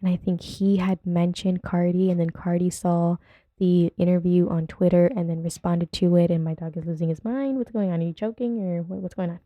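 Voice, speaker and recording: A woman's voice: on the low side, steady tone, brisk, no room sound, highs cut off. A woman hosting a casual podcast from home, whose first language is not English, chatting in a rambling, giggly way and getting sidetracked easily. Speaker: podcast host. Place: at home with her dog nearby.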